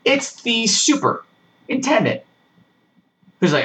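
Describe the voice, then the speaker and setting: Sarcastic podcast host with a lively voice. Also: mid-range voice, normal speed, poor audio. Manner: sarcastic, exasperated, swears freely. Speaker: podcast host reviewing horror movies. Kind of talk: casual ranting movie review.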